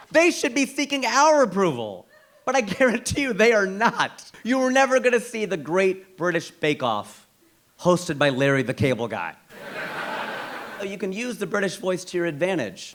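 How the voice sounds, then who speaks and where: A man from the United States doing a stand-up comedy set, with an animated, incredulous punchline delivery. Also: high voice.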